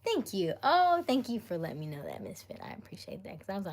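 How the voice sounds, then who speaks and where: A woman's voice: medium pitch, huge pitch swings, fast talker, creaky. An American woman hosting a casual live stream, chatting and reading viewer comments aloud, often laughing and dropping to a half-whisper. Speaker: livestream host.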